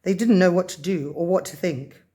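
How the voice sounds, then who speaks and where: A woman reading a children's story aloud in a gentle, even storybook manner. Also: fairly low pitch, normal speed, slightly rough.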